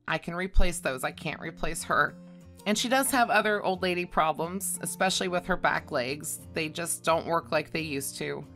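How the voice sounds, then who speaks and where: A woman with a fairly low but bright, forceful voice talks about her dog in a fond, scripted tribute, chuckling between sentences. Soft guitar music plays faintly behind her. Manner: warm, fond, chuckles often. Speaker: dog channel vlogger.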